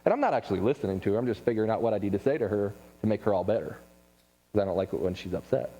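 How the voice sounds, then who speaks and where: Man, church class teacher, animated storyteller, long echoing hall reverb. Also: on the low side, faint music behind. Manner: animated storytelling, quick asides and laughs. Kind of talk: casual church class talk. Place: church room.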